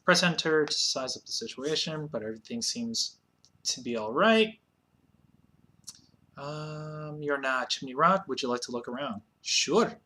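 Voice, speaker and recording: A man casually commenting on his play of an old computer game, chatty, with sudden excited shouts. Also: a little high, measured pace. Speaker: let's play host.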